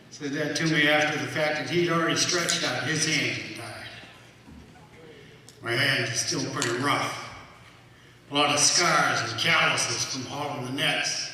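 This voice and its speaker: A man's voice: fairly high pitch, pushed and bright. A man playing a folksy Texan shrimper. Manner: folksy drawl, plainspoken. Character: blunt loyal middle-aged Texan shrimper. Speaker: stage actor. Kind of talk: live stage monologue. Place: café stage. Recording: echoey hall, mic far off.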